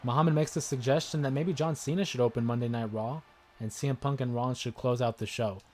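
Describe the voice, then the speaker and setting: A man in the middle of his range, talking casually as he hosts a live stream. He comments on a wrestling video game, chatty and quick to get excited. A faint hiss sits under his voice. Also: medium pitch. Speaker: gaming livestream host. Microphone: desk microphone with headphones listeners.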